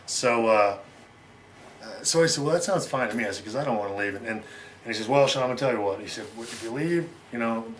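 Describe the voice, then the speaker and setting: A middle-aged man from the United States tells stories at a quick clip, running through them with restarts and acted-out quotes. His voice sits at a middle pitch, and a faint hiss of noise hangs under it. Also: fairly bright tone. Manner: rapid, rambling, acts out quoted lines. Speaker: interviewee. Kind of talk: shoot interview storytelling.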